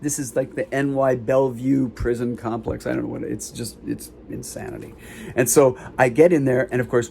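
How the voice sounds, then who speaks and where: A man performing a live comic storytelling show, recounting a hospital visit in halting, self-interrupting sentences. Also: medium pitch, steady tone, gravelly, mellow, a little hiss or hum. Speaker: solo performer. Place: small theater stage.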